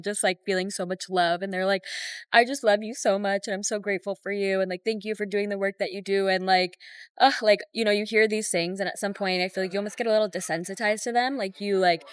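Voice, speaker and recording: A woman's voice: lowish voice, no room sound. A young woman and breathwork coach talking in a casual, heartfelt travel vlog, full of "like" and gratitude. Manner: emotional, heartfelt, heavy use of "like".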